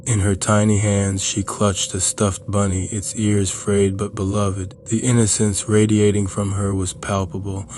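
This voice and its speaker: A man reading a scripted horror story in a slow, even, measured way. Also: lowish voice, slight background noise.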